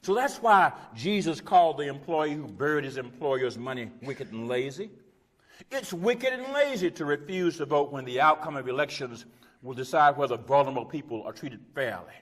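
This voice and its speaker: Man, pastor, sermon, impassioned, repetitive rhetorical cadence, loud peaks and hushed drops, long church reverb. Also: fairly high pitch, expressive, moderate pace. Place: church sanctuary.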